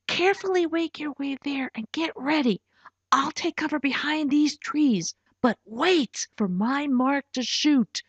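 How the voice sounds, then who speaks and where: A woman's voice: high voice, moderate pace, no echo, pitched above the performer's own voice, natural voice. A woman voicing a cautious young boy who talks firmly and urgently. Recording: dull lo-fi recording.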